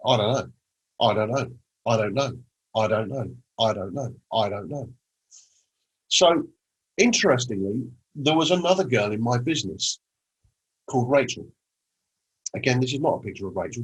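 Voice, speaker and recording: A man's voice: medium pitch, a bit bright, breathy edge, low-quality recording. A man presenting a motivational talk on mindset, telling a story and acting out the conversations in it. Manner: storytelling, acts out quoted conversations.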